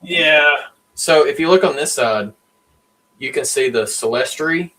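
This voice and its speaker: A man's voice: fairly high pitch, a little slow, sharp tone, poor audio. A man explaining things casually on a video call, easygoing with many fillers. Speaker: guest. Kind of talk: casual chat.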